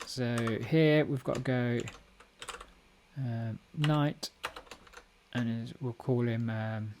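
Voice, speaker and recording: Sitting at a computer at home, this streamer is learning a programming language on a casual live coding broadcast. His voice is medium-pitched and a little mellow, and he thinks out loud, fixing his own mistakes as typing, clicks, and faint noise sound in the background.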